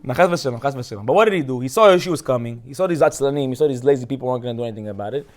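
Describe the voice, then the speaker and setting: Fast, animated rabbi telling a Torah story. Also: male voice, mid-range voice. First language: Hebrew. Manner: animated storyteller, jokes, laughs often. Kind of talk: casual humorous Torah talk.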